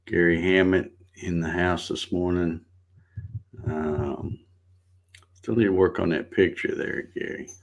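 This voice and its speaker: Middle-aged guy, really low voice, laid-back folksy livestream host chatting and saying hi to everybody. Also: gravelly. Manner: greets viewers by name in a relaxed, folksy drawl. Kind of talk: casual morning livestream chat.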